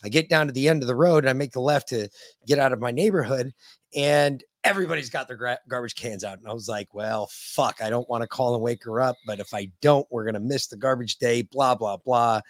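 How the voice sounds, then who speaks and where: A man's voice: medium pitch, fairly quick, no room sound. A man co-hosting a podcast, chatting in a blunt, crude, joking way. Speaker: podcast co-host. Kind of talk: casual chat.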